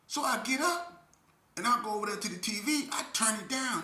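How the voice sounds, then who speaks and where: A man telling a story from his youth in a casual, animated way, full of slang and often checking in with the listener. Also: sits high, fairly quick, roomy sound, soft background music.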